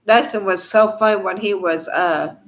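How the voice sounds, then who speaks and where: A woman's voice: medium pitch, measured pace. A woman hosting a casual live chat at home, rambling and laughing often, with many fillers.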